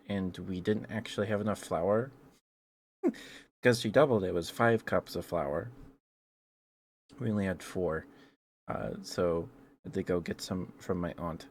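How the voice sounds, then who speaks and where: A young man, an ASMR streamer, rambling softly to his chat with frequent ums and small kisses. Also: low voice, slight background noise. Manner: rambling, greets chat viewers with kisses, hesitant fillers.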